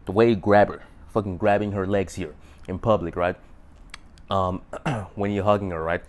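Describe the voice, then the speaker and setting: Young man, lowish voice, rambling, profane, casual vlog advice. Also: fairly even intonation, moderate pace. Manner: rambling, profane, keeps asking "right?". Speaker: dating advice vlogger. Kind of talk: casual monologue to camera.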